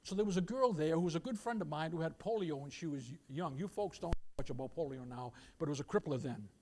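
An older man preaches in a church, his voice sitting high for a man. He drops to soft, intimate storytelling and then climbs to loud, fervent declarations. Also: fast, a little hiss or hum. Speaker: pastor. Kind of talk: sermon with storytelling. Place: church sanctuary.

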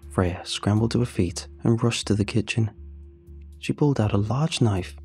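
Husky, mellow male horror narrator. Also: fairly low pitch, normal speed, faint music behind.

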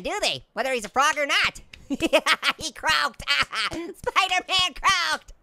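A squeaky, giggly cartoon orange. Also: male voice, creaky, bright, forceful tone, exaggerated voice. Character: hyper, giggly talking orange, pun-loving, male. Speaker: game commentator. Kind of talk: gameplay commentary. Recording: noisy recording.

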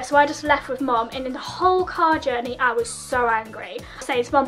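Young woman, high voice, storytime vlog, exasperated, faint music behind. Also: fairly quick. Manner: animated, exasperated retelling. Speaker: makeup artist vlogger. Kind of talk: casual storytelling.

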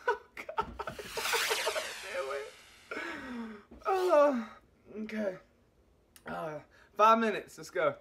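A man's voice: high voice, wildly swooping pitch, extremely slow, pauses often, background noise. A man vlogging casually to his viewers, exclaiming and repeating himself as he talks. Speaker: vlogger doing a food challenge. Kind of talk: casual vlog talk to camera.

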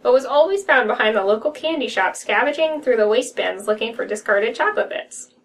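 Young adult woman, higher pitch, slightly distant from the mic, giggly casual co-reader. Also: lively intonation. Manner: giggly, quick to laugh and riff on jokes. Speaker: co-host reading horror stories aloud. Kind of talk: casual reading and chatty reactions. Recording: voice a bit off-mic.

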